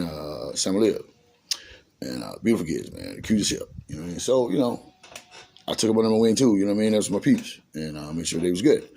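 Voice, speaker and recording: A man's voice: low voice, vocal fry, a little mellow. A middle-aged man telling his own life story in casual street slang, acting out the dialogue as he goes.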